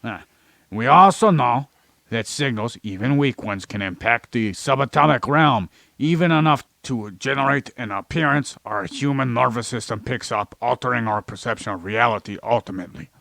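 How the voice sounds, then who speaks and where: A man with a gravelly, creaky voice holds forth in a comedic podcast chat, swearing freely as he rants and lectures. His voice sits in an ordinary middle range. The sound is dry and close, with no room around it. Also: mid-range voice, moderate pace, fairly bright tone, dry recording. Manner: profane, ranting, lecturing; plays an alien persona in an ordinary voice. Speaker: podcast co-host. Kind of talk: rambling comedic science chat.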